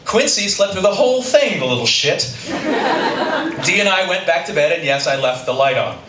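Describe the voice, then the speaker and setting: A man's voice: high-pitched, sing-song, moderate pace. A middle-aged man telling a personal story live on stage to an audience, with dry, self-deprecating humor. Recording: roomy, distant stage recording with audience noise.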